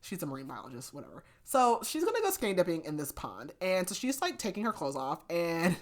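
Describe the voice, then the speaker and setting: A young woman hosting a book review podcast recaps a romance novel in a brisk, casual way. Her voice sits on the low side with big swings in pitch, and her chatty retelling is packed with fillers like "like".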